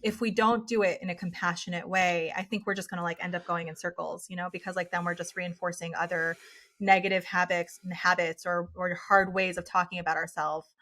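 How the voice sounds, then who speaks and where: Woman, 30s, guest psychologist. Lowish, bright voice. Earnest, filler-heavy conversational delivery. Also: flat delivery, fairly quick. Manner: earnest, with many "like" and "you know" fillers. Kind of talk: casual interview conversation.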